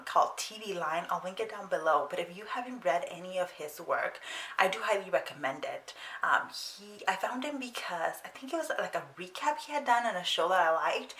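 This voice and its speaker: A woman's voice: medium pitch, fairly bright tone. Chatty young woman in a roomy space. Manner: chatty, with frequent ums and restarts. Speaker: book vlogger. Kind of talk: casual chat. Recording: roomy sound with faint noise.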